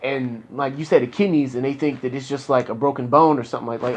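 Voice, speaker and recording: Frustrated young man talking in halting bursts. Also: mid-range voice, slight background noise. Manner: frustrated, rambling, halting restarts. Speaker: client in therapy. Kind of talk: candid casual talk.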